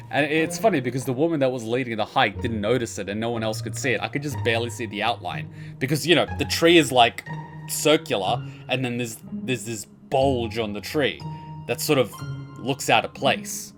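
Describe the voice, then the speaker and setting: A man's voice: mid-range voice, moderate pace. Profane Australian man rambling over music. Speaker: let's play host. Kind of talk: casual gameplay commentary.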